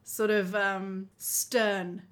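A woman telling a story in casual chat as a podcast co-host, animated and laughing often. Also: medium pitch, very slow. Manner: animated, laughing often, acting out quoted lines.

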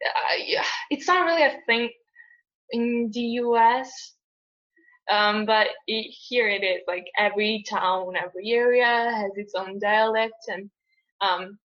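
A young Italian woman, the guest co-host, talks in casual conversation with a medium-pitched, fairly bright voice at a measured pace. She rambles with lots of fillers and restarts and laughs often, captured in lo-fi, dull audio.

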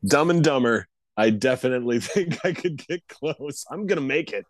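A man talking as a comedian guest on a podcast, telling animated stories and laughing often. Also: mid-range voice, normal speed, no echo. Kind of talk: casual interview chat.

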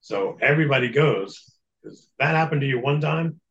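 A man telling a long story in an earnest, matter-of-fact way as an interview guest. His voice sits at a middle pitch, and faint noise hums behind him. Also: expressive, moderate pace, a bit bright, dull audio. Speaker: guest recounting exorcism experience.

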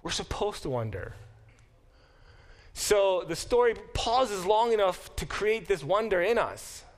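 Middle-aged male professor, slightly high voice, teaching a Bible class, restarts and questions the room. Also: sing-song. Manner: thinking aloud, with quick restarts and questions to students. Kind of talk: classroom lecture.

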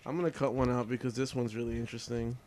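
A man's voice: mid-range voice, flat delivery, quick pace, a little mellow. A man in a casual podcast chat, laid-back and hesitant, often trailing off mid-sentence.

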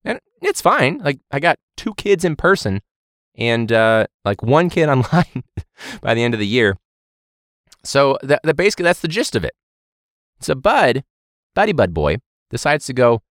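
A man hosts a casual podcast and rants with sarcasm, laughing and swearing mid-thought. His pitch swings widely from low mutters to high outbursts. The recording is dry and close-miked with no room sound. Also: sing-song, normal speed, pauses often, dry recording. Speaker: teacher and podcast host.

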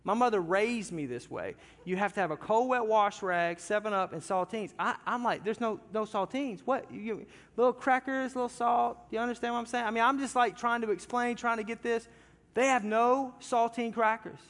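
A pastor with a high, fairly bright voice tells a funny story from the pulpit at a slightly fast pace, addressing his congregation animatedly and directly. The recording carries the long hall reverb of a large church sanctuary.

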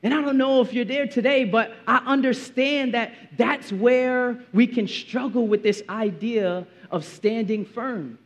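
A man's voice: very high voice, measured pace, few pauses, lo-fi sound. A young man preaching a sermon in a casual, slangy way, now and then acting out a movie scene. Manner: casual slang, animated, acts out movie quotes. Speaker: pastor.

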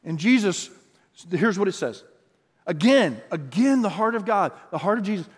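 A man preaching a sermon as pastor, lively and conversational, acting out quoted voices. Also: high voice, normal speed, breathy edge, big-room sound. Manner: animated, acts out quotes in voices.

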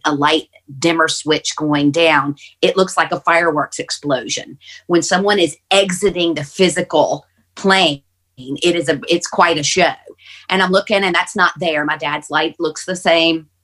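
Woman on a podcast, kinda low voice, earnest story, takes her time. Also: a bit bright. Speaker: podcast guest. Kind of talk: personal storytelling on a panel podcast.

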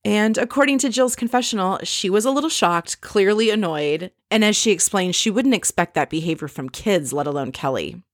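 A woman's voice: mid-range voice, lively intonation, moderate pace, few pauses, no room sound, studio quality. A woman recapping a reality TV episode in a chatty, opinionated and snarky way. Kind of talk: casual recap commentary.

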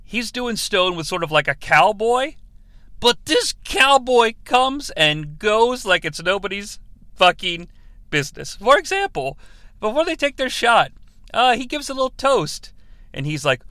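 Animated high-voiced male podcaster. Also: measured pace, no echo. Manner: animated, profane, jokey. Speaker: podcast host. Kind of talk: comedic movie review.

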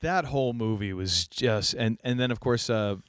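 A man's voice: medium pitch, normal speed, noisy background. A man hosting a casual podcast, talking enthusiastically and rambling with many restarts. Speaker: podcast host. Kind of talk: casual chat.

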